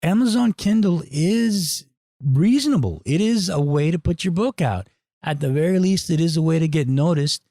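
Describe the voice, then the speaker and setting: A middle-aged man hosting a podcast, giving a blunt, profane, animated monologue. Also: fairly high pitch, a little fast, no room sound, studio quality. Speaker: podcast host. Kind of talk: casual opinionated monologue.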